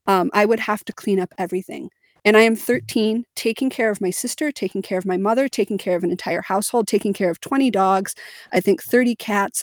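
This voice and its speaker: Young adult woman, podcast co-host, candid and emphatic storytelling, mid pitch, dry recording. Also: darkish tone, no echo. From Missouri, United States. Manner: candid and emphatic, with laughs and fillers. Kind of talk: personal storytelling in a podcast chat.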